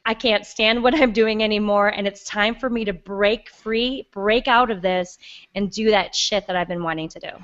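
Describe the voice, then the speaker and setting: A woman's voice: mid-range voice, steady tone, normal speed, a bit bright, lo-fi sound. A woman hosting a podcast interview, enthusiastic and encouraging, talking casually with some light swearing. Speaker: podcast host.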